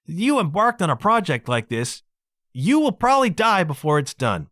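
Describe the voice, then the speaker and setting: Animated man podcasting, dry close sound. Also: sits high, moderate pace, no room sound. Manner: animated, exclaiming storyteller with frequent "man" and "dude". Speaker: podcast host. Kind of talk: casual solo podcast monologue.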